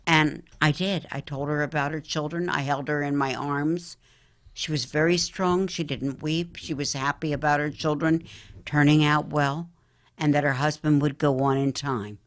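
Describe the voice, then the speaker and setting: In a low, steady voice at normal speed, a middle-aged woman from around Philadelphia, Pennsylvania, shares earnest stories during an interview. She works as a psychic medium and addresses the listener as "honey."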